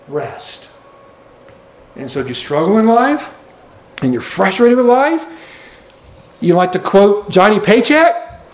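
A fairly high-voiced man preaches a lively sermon. He swings between loud declarations and hushed, drawn-out words, with folksy asides to his congregation. The voice rings out in a roomy, echoey church. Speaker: pastor.

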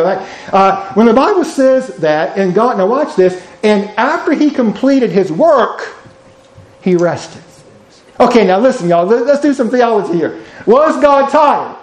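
A pastor preaching a sermon in an animated way, with folksy asides, swinging between loud declarations and hushed words. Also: male voice, high-pitched, roomy sound, rough recording.

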